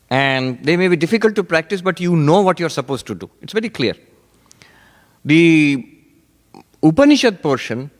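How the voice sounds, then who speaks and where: A man, a monk, giving a sermon on Vedanta with animated storytelling and frequent laughter. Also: a little high, long reverb tail.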